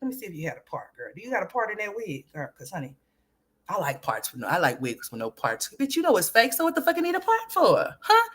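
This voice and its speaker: Lively, bright-voiced woman roasting someone. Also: medium pitch, quick pace, slightly rough. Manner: profane, trash-talking, laughing often; talks straight to her viewers. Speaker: livestream host. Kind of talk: gossip commentary livestream.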